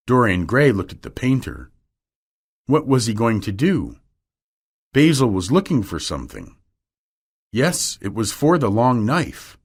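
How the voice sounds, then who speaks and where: A man narrating a classic novel as an audiobook for English learners, reading in a clear, deliberate way. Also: medium pitch, wildly swooping pitch.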